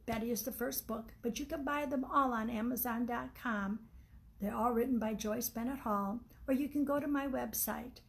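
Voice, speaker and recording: A woman author reading her own novel aloud in an unhurried, homey way. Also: fairly high pitch, poor audio.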